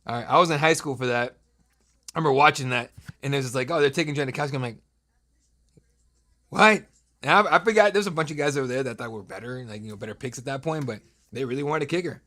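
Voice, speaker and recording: A man's voice: mid-range voice, very fast, a bit bright. Joking, profane live-stream host, man. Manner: loose, joking, profane banter with chat. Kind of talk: casual live-stream commentary.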